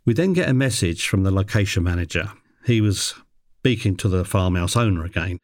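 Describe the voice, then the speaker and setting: A man's voice: lively intonation, brisk, dry recording. A man recalling a work story in a dry, wry storytelling manner. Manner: mimics a parrot in a high voice. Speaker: animal handler telling a story. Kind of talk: personal anecdote narration.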